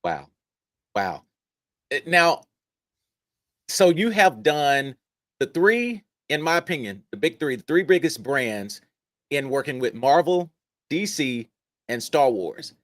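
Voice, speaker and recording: A man's voice: on the high side, big pitch swings, takes it slowly, pauses often, no echo. Enthusiastic man interviewing, dry sound. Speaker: podcast host. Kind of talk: podcast interview.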